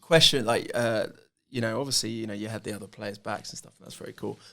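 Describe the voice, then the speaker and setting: A man's voice: lowish voice, steady tone, fast, creaky, sharp tone. A man hosting a podcast interview, framing questions with many fillers. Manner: hesitant, lots of fillers while framing questions. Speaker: podcast host.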